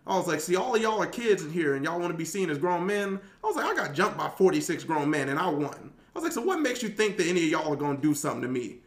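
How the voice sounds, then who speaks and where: A fast talker with few pauses, this guest, a man employed as a youth detention worker, tells an animated story in casual chat. He dramatizes the quotes through sharp pitch jumps, and the room sounds echoey.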